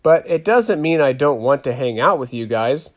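A man voicing Zemena, a lively, giggly middle-school girl at a sleepover. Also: medium pitch, normal speed, close to an everyday voice.

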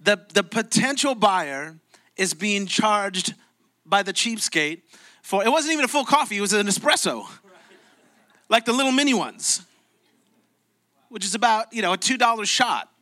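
A man's voice: high voice, lively intonation, normal speed, pauses often, bright, forceful tone. A man preaching a sermon in church, telling a story in a conversational, emphatic way. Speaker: pastor.

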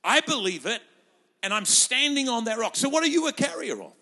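A man's voice: very high voice, big pitch swings, fairly quick, sharp tone, slightly rough. A man preaching a sermon as pastor, fervent and rousing, quoting scripture and acting out voices for the crowd. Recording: reverberant hall.

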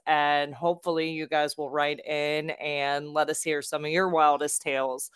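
A woman's voice: deep voice, fairly even intonation, unhurried, a bit bright, clear, resonant tone, no room sound, studio quality. A young woman from South Florida, co-hosting a podcast and telling a casual story with plenty of ums and laughs between sentences. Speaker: podcast co-host.

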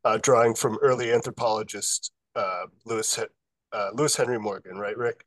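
A man with a lowish voice joins a casual podcast discussion, moving forward in halting bursts packed with "uh" and "um." His voice sounds dry and close, with no room around it. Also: fairly even intonation, dry recording. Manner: halting, many "uh" and "um" restarts. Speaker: podcast guest.

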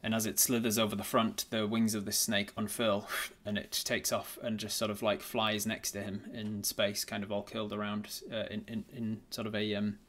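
A man running a tabletop game as its game master. He describes the scene in a low voice. He stumbles often and restarts his sentences, filling gaps with ums and uhs. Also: completely flat delivery, moderate pace, few pauses, a bit bright. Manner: hesitant, many fillers and restarts.

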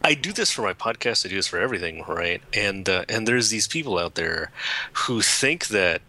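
A man with a low voice and a very bright, sharp tone, calling in as a podcast guest. He chats casually, pokes fun at himself and laughs often. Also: animated, moderate pace, poor audio. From California. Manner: chatty, self-mocking, laughs often. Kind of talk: casual call-in chat.

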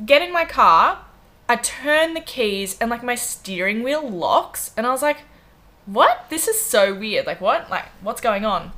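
A young Australian woman in her twenties, co-hosting a podcast and telling an animated story in casual chat, full of "like" and acted-out quotes. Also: on the high side, a little slow. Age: 20s. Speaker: podcast co-host.

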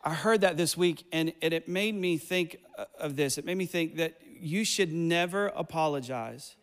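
A man's voice: a little high, normal speed, a bit bright, in a large hall. A man preaching as pastor, passionate, with rising emphasis and repeated phrases, speaking in a church sanctuary. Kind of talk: sermon.

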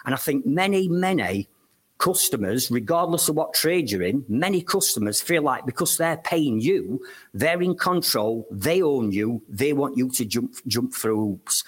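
A husky man with a mid-pitched voice tells stories from his loft conversion business. He talks in a blunt, emphatic way as a podcast guest. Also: lively intonation, a little slow.

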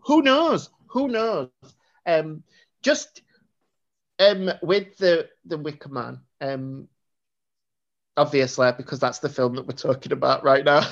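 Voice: mid-range voice, fairly even intonation, a little slow, pauses often. A podcast co-host, chatting casually about a film, rambling with lots of fillers. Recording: dull lo-fi recording.

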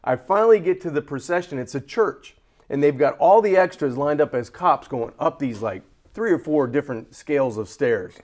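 A man co-hosting a sports talk show, telling a story in a lively way and acting out the voices of the people in it. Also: on the high side, moderate pace. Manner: animated, acts out quoted voices. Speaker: co-host. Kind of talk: casual storytelling.

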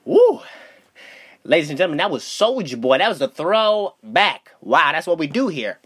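A man's voice: on the high side, big pitch swings, fairly quick, sharp tone, breathy edge. A young man hosting a solo podcast, telling stories loosely with lots of swearing and fillers. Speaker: podcast host. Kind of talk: casual solo podcast monologue.

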